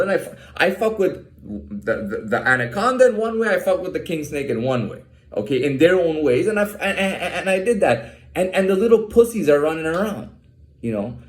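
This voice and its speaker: A man's voice: fairly high pitch, sing-song, a little fast, echoey room. A man ranting in an agitated monologue, swearing a lot and restarting his sentences. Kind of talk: profane monologue to camera.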